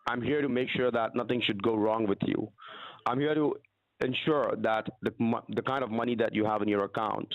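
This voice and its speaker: A man with a gravelly voice keeps repeating his pushy reassurances. He comes through a thin, tinny phone line with no room sound around him. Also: medium pitch, fairly even intonation, normal speed, no room sound. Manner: insistent, repetitive reassurances. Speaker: phone scammer. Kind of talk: phone call.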